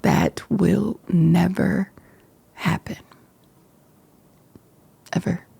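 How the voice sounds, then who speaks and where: A woman hosting her own podcast, speaking candidly and reflectively to the camera, emotional and halting at times. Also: on the low side, very animated, creaky, mellow, husky, no echo. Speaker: podcast host. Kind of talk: candid personal talk to camera. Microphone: camera framing.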